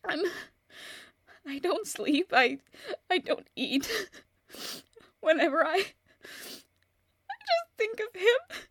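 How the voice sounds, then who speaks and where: A woman's voice: very high-pitched, huge pitch swings, fairly bright tone, dry recording, clean studio sound, exaggerated voice. A woman playing a tearful, stammering young woman in grief. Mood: grief-stricken. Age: young adult. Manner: halting, stammering restarts. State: tearful, voice breaking. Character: grieving young woman, distraught, bent on revenge. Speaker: voice actor. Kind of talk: audio drama monologue.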